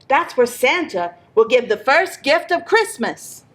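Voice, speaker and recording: A woman reading aloud, voicing a calm, matter-of-fact train conductor in a storybook tale. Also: high voice, measured pace, exaggerated voice. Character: kindly older man, train conductor.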